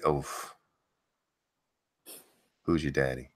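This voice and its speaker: A man's voice: low-pitched, animated, measured pace. A man hosting a live stream, reading news aloud and mocking it with blunt, sarcastic, swear-filled commentary. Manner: blunt, sarcastic, swears often, jumps up loud in outbursts.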